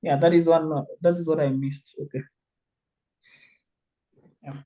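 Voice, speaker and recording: Slow, patient language teacher on a video call, laughs easily. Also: mid-range voice, steady tone, dull audio. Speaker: Swahili teacher. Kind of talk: online language class.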